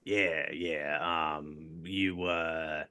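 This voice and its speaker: A man's voice: extremely low pitch, steady tone, very slow, bright, forceful tone. A man acting as dungeon master, hesitant and goofy, with many fillers. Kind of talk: running a tabletop game.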